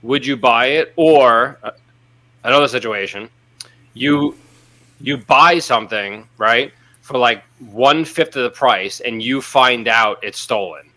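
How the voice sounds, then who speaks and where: A man with a bright, forceful voice talks through hypothetical scenarios on a casual podcast. He rambles and hesitates, restarting his phrases as he goes. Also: mid-range voice, unhurried. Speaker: podcast co-host.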